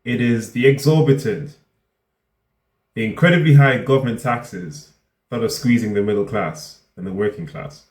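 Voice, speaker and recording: A man giving reaction commentary in an exasperated, disbelieving way, his voice leaping up when he is outraged. He sits at an ordinary middle pitch, and the room around him rings with a roomy echo. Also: normal speed. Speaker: reaction video host.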